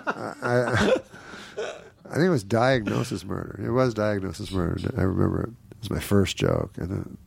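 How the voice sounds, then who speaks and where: A man's voice: fairly low pitch, gravelly, husky, dry recording. A middle-aged man, a guest comedian, telling a rambling, self-mocking anecdote in casual talk and acting out other people's lines.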